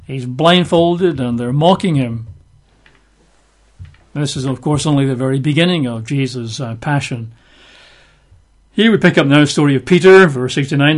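A man's voice: medium pitch, moderate pace, long pauses. A man teaching from the Bible in a chatty sermon style, with wry asides. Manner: chatty, wry asides between scripture readings. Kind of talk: conversational sermon.

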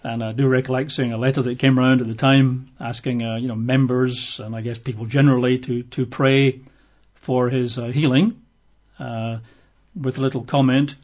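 A man's voice: medium pitch, steady tone, unhurried, a little mellow. A man preaching a sermon in a conversational way, acting out the voices he quotes. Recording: dull lo-fi recording.

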